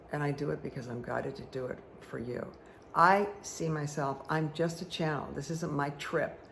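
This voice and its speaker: She has a gravelly voice that sits low, with slight background noise in the recording. Reading tarot and angel cards for her viewers, this spiritual guide chats and rambles casually, regularly checking in with "okay?"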